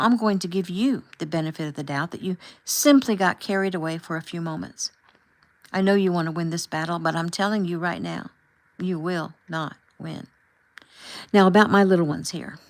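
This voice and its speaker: A woman voicing a calm, firm husband and father who asks measured, pointed questions as he confronts a chaperone in an audiobook. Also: high voice, poor audio.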